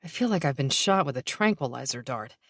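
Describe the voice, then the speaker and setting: A woman's voice: rumbling low, animated, a little fast, no echo, studio quality, heavily acted. A woman voicing a blunt, wisecracking woman police detective in her forties, tired and joking, in an audiobook. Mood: weary.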